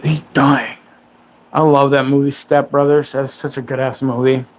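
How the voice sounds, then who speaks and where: A man's voice: medium pitch, little pitch movement, brisk. A man in his forties hosting a livestream. He rambles in casual chat and makes crude, self-mocking jokes. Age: 40s. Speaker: livestream host.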